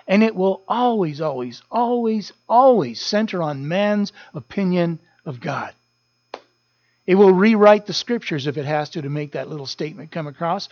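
A man's voice: high voice, dry recording, muffled recording. A man preaching a sermon as a pastor, earnest, repeating key phrases for emphasis.

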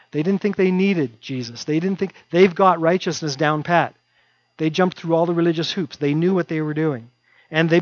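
A man's voice: a little high, no room sound. A male pastor preaching a sermon in a conversational way, driving points home through repetition. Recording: dull dry recording.

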